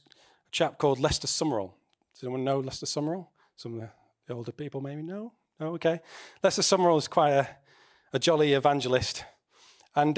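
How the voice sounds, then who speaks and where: Speaking in a fairly high voice, a man delivers a conversational sermon and asks the congregation questions along the way.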